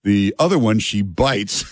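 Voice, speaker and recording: A man's voice: on the low side, animated, slow pace, no room sound, clean studio sound. An older man hosting a talk radio show, chatting casually with frequent fillers. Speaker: radio host.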